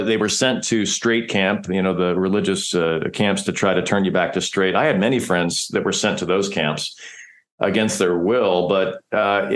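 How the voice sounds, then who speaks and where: A middle-aged man from Nebraska tells a personal story as a podcast guest. His voice sits a little low. He speaks candidly and with feeling, and he often stumbles and restarts his sentences. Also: a bit bright. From Nebraska, United States.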